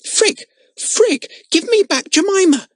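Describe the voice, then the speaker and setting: A man's voice: extremely high pitch, lively intonation, slow pace, fairly bright tone, no room sound, studio quality, voice pushed up, exaggerated voice. A man voicing a frantic little circus girl who shrieks and sobs her pleas in an audiobook.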